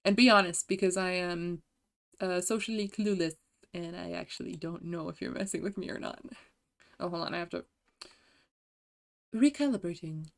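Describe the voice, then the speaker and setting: A woman's voice: fairly low pitch, fairly even intonation, creaky. A woman streamer chatting casually with viewers, giggly and self-deprecating, often trying out voice impressions. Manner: giggly, self-deprecating, slow and soft-spoken.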